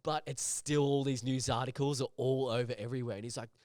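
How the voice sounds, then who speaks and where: A man, a recruitment agency director, telling an anecdote in casual chat, animated and swearing freely. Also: medium pitch, fast talker, no room sound, studio quality. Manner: animated, swears a lot, acts out voices in anecdotes.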